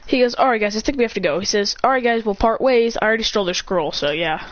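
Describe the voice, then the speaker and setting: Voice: medium pitch, quick pace, few pauses, a bit bright. A casual storyteller who rambles through a fan story, often restarting sentences and acting out the characters' lines. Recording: dull lo-fi recording with faint hiss.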